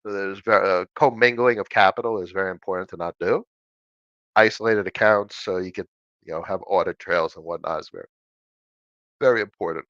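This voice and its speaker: A man's voice: low-pitched, fairly quick, no room sound, muffled recording. A middle-aged man hosting a casual livestream Q&A at his home desk, chatty and answering viewers' questions. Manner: animated, chatty, answers questions by reading them aloud.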